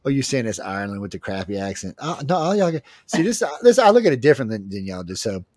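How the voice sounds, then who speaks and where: A man's voice: fairly low pitch, very animated, fast, darkish tone, dry recording. A man with a Southern Cajun accent hosting a radio show, chatting in a rambling, joking, folksy way. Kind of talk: casual talk-radio chat.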